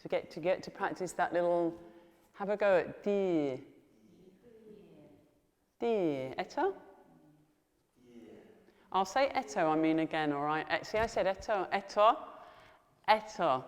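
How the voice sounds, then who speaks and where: A woman who tutors Welsh, saying words slowly and patiently and asking learners to repeat them back. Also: fairly low pitch, expressive, clean tone, long reverb tail. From England. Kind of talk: teaching Welsh pronunciation to learners.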